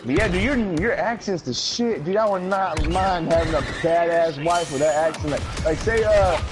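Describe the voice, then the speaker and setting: A man from the United States bantering on a gaming live stream, loud, profane and excitable. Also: on the high side, moderate pace, over music.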